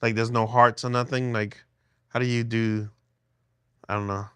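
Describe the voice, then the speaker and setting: A man's voice: mid-range voice, flat delivery, moderate pace, a bit bright, smooth, no echo. A middle-aged man livestreaming from a phone held in his hand at home, chatting with viewers in a rambling way with many restarts. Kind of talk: casual livestream chat with viewers.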